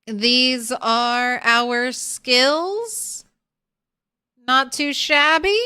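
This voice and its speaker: A woman live-streaming a game, her voice bright and very clear. She talks unhurriedly in a fairly high register. She greets viewers by name and chats through her progress. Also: extremely slow. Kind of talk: casual live-stream chat while gaming.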